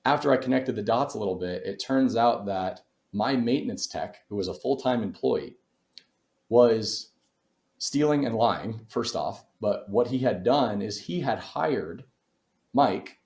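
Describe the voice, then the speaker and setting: A man's voice: mid-range voice, a little mellow. Emphatic man in an echoey room. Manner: emphatic, motivational. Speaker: real estate investor guest. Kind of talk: storytelling in a podcast interview.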